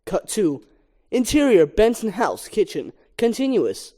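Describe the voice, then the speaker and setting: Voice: mid-range voice, measured pace. A reader reading a film script aloud, reciting stage directions and scene headings. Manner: flat stage-direction reading, lively swings.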